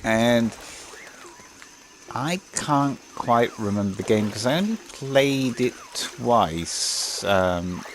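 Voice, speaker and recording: A man's voice: medium pitch, expressive, drawn-out words, slight background noise. A man giving casual, rambling gameplay commentary, hesitant and full of fillers.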